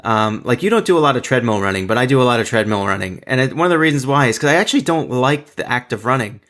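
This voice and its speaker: A man's voice: mid-range voice, expressive, fast talker, a bit bright. A man hosting a podcast, chatting casually and laughing along with his guest. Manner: easygoing, laughs along, trails off mid-thought. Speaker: podcast host. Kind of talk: casual interview chat.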